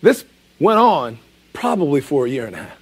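A man's voice: a little high, sing-song, moderate pace, creaky, slightly rough. A man in his forties preaching a sermon in a conversational, emphatic way, repeating key phrases. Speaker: pastor.

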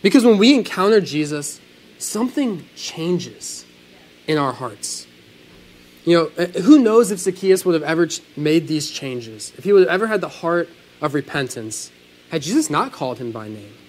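A man delivering a Sunday sermon with a fairly high voice. His pitch swings widely as he preaches, rising and falling to press each point home. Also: normal speed, low-quality recording. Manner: animated, earnest preaching with sudden swells and drops. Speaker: pastor.

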